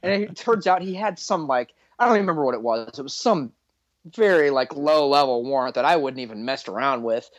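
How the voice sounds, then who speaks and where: A man tells a work story with a lot of animation, and he acts out the other people in it. His voice sits at a middle pitch, and the recording is dry and close. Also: brisk, no echo, lo-fi sound. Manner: animated, acts out both sides of the exchange. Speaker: podcast co-host and police officer. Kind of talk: casual storytelling chat.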